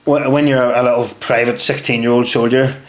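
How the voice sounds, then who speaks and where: Lively man in a roomy room. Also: mid-range voice, fairly quick. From Northern Ireland. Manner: lively, swears freely, acts out quotes. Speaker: podcast guest. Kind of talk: casual storytelling chat. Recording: roomy echo.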